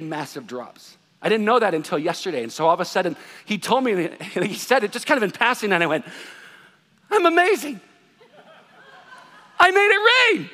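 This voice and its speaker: A man with a high, bright, ringing voice preaches a sermon in a conversational, animated way, with self-deprecating humor. His voice carries a long reverb, as in a large hall. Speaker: pastor.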